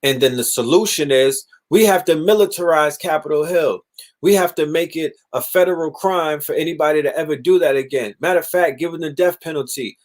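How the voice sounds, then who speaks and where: Young man, livestream host, casual monologue, animated, profane, mocking. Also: fairly high pitch, fairly quick. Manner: animated, swearing, mocking voices in quotes.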